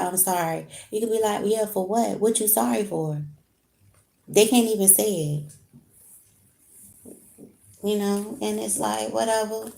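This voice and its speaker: A woman's voice: medium pitch, creaky, warm tone. A woman giving a casual live tarot reading at home, talking straight to her viewers with slang. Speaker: tarot card reader. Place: home room with heat on.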